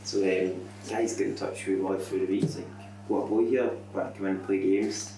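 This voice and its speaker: A man's voice: low voice, little pitch movement, brisk, mellow, slight background noise. A Scottish man telling a story on a podcast in a plain, matter-of-fact way. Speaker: podcast guest. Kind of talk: casual anecdote telling. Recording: very echoey room, distant mic, crowd chatter.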